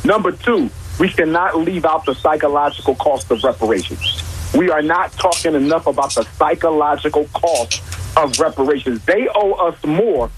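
A man's voice: a little high, normal speed, a little hiss or hum, low-quality recording. A man arguing his points with emphasis on a talk show, repeating key lines and asking rhetorical questions. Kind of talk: impassioned talk-show argument.

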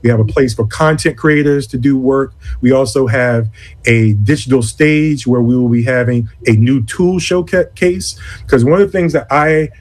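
A man of medium pitch speaks as a conference executive director in an interview. He talks deliberately and earnestly, often stopping to restart a phrase. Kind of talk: interview conversation.

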